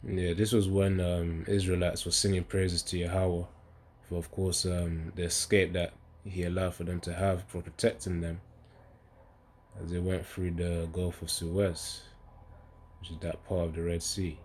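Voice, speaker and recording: A man with a fairly low voice leads an informal scripture study, talking loosely and stopping often to look for the next passage. When he reads verses aloud, his delivery lifts and presses harder than in his everyday chatter. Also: little pitch movement, unhurried, darkish tone, slight background noise. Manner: rambling, searching aloud, often says "man" and "hold on". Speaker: bible teacher. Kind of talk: casual scripture study talk.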